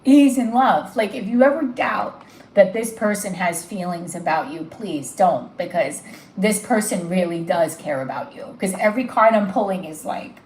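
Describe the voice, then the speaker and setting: A woman's voice: mid-range voice, expressive, moderate pace, a little mellow, roomy sound, a little hiss or hum, poor audio. A woman giving a live tarot reading, gushing and emotional as she talks straight to the viewer. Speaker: tarot reader.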